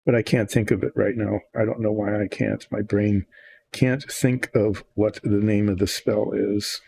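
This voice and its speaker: A man's voice: lowish voice, level tone, a little slow, creaky, mellow. An older man hosting a miniature painting video, chatting casually and thinking aloud in a meandering, self-deprecating way. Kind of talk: casual rambling chat while painting.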